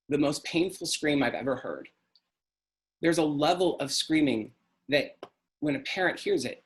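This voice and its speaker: Earnest middle-aged man telling a story. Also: on the high side. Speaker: speaker. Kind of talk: personal storytelling talk.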